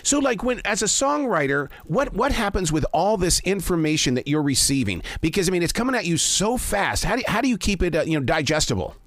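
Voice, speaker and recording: A man hosting an interview from his studio, talking with excitement and exclamations, often restarting his sentences. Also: high-pitched, no echo. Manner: enthusiastic, exclamatory, quick-talking with frequent restarts. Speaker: radio interview host. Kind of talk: casual interview chat.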